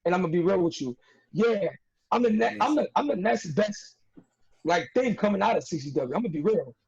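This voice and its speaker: A man's voice: high-pitched, expressive, fairly quick, creaky, husky. A young man, a wrestler talking as a podcast guest in a streetwise, emphatic way, repeating himself for effect. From New York. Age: young adult. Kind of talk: casual podcast interview. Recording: dull lo-fi audio.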